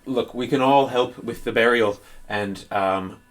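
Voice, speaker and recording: A man voicing a weary young nobleman who speaks formally in halting, pause-filled sentences. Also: medium pitch, lightly acted. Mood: grave.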